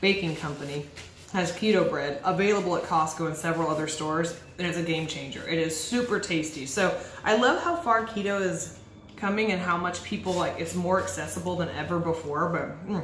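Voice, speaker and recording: This vlogger, a woman, eagerly chats while tasting treats in an indoor bakery for a casual vlog. Her voice is fairly low and a bit bright, a little fast, with slight background noise in an echoey room carrying faint ambience.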